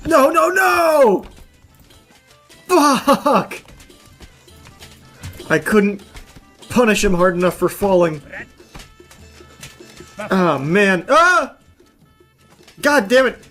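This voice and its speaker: A man giving let's-play commentary, yelling and swearing at the game, with dry low asides between outbursts. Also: sing-song, drawn-out words, long pauses, soft background music. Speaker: gaming video host.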